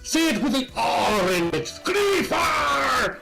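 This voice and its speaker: A man's voice: high voice, expressive, moderate pace, music in the background. A man trolling strangers in online voice chat, mocking and teasing in a sing-song way.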